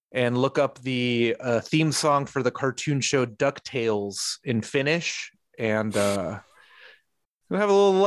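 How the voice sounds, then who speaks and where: A man's voice: mid-range voice, no echo, clean studio sound. A man co-hosting a podcast, chatting casually and laughing through his rambling asides. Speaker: podcast co-host. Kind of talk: casual chat.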